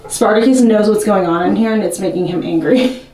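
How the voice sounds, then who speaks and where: A woman's voice: mid-range voice, a little fast, dark tone. A young woman vlogging at home, chatting nervously and poking fun at herself as she trims a wig. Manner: nervous, self-mocking, chatty. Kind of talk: casual talking to camera while cutting a wig. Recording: roomy and a bit distant from the mic.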